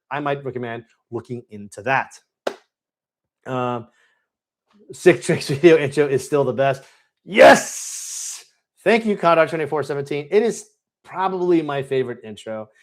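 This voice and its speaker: A man hosting a live Q&A, chatting with enthusiasm and many fillers. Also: medium pitch. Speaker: board game channel host. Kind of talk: live Q&A chat.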